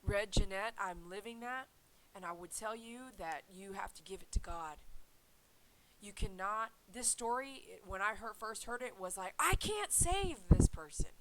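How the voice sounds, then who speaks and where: A dog groomer who runs a channel talks to her viewers about faith, casually and earnestly, rambling and repeating herself. Her mid-range voice is bright and forceful at a moderate pace, on a rough recording with slight background noise.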